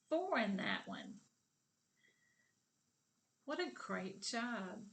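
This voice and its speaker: Slow, bright-voiced kindergarten teacher woman. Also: on the high side, sing-song, creaky, slight background noise. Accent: Southern American. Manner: slow, drawn-out, encouraging, claps words aloud. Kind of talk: kindergarten video lesson.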